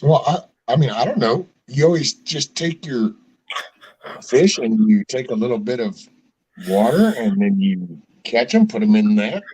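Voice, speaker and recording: A man's voice: mid-range voice, a little slow, slightly rough, low-quality recording. A man chatting casually with friends, swearing freely and acting out little scenes as he talks. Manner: animated, swearing, acts out scenes in a raised voice. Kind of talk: casual chat.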